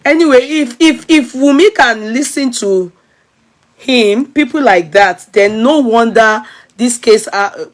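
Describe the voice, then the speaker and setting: A Nigerian woman with a slightly high voice hosts a commentary chat and slips into Yoruba as she talks. She asks pointed, doubtful questions and laughs often. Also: slow pace. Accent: Nigerian, mixing Yoruba.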